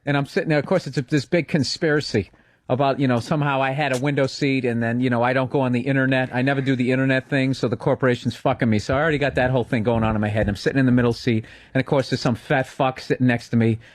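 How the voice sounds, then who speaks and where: A man co-hosting a comedy podcast, telling a profane, animated story in a studio. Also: mid-range voice, rapid-fire, no room sound. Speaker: podcast co-host. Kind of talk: casual comedic chat. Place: radio studio.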